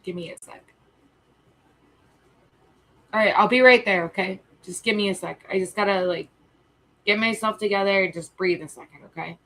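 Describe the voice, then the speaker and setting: A woman's voice: mid-range voice, rough recording. Choked-up woman chatting on a live stream. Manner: emotional, pausing to collect herself, soft trailing asides. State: choked up, on the verge of tears. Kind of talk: casual live-stream chat.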